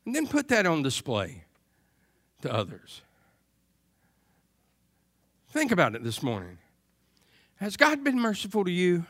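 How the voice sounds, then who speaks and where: Slow, bright-voiced preaching man. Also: sits high, huge pitch swings. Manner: earnest, emphatic preaching with repeated phrases. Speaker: pastor. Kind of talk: sermon.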